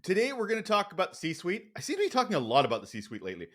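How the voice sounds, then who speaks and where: Lively, playful male podcast host. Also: sits high, rapid-fire. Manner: lively, playful delivery with asides. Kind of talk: podcast interview.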